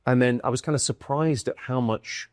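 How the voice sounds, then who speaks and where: A man from the UK, a comedian and guest, telling stories in lively conversation and acting out what people said. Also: medium pitch, no room sound, studio quality. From United Kingdom. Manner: quick, lively storytelling with acted-out quotes and bursts of laughter. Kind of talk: animated conversational storytelling.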